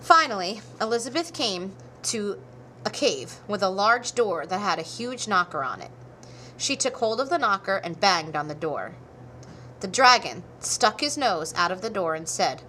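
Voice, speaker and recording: A woman reading a children's storybook aloud, with expressive, animated narration. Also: medium pitch, normal speed, a little hiss or hum. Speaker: storybook reader.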